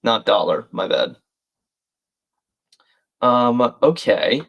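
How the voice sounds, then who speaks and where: Very slow yet very animated, this male host of a live crossword stream has a medium-pitched, slightly bright and slightly rough voice with vocal fry, captured in dull audio. He thinks aloud while solving, reads clues and chat names, and chats with viewers through friendly asides.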